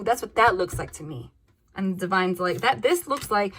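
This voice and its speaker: A woman doing a casual tarot reading, blunt and animated, swearing freely and laughing between cards. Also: medium pitch, moderate pace, husky. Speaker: tarot reader.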